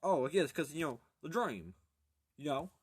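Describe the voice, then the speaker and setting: A man's voice: a little high, very animated, breathy edge, no echo. A man reading an audiobook aloud in a casual, rambling way, stumbling, correcting himself and breaking off for crude jokes. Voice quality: jokey, crude asides and halting self-corrections. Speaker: amateur audiobook reader.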